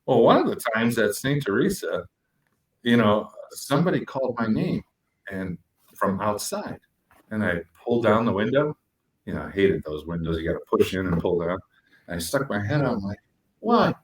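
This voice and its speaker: A man co-hosting a podcast, telling animated stories and acting out quotes with big jumps in his voice. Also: on the low side, normal speed, breathy edge, rough recording. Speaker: podcast co-host. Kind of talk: casual storytelling chat.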